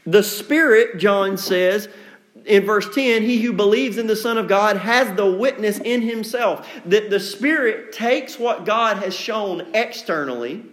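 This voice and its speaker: A man preaches a sermon with an emphatic, conversational delivery, slipping into little acted-out voices for quotes. His voice sits high for a man. The sound is roomy, with a noticeable echo around him. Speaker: pastor.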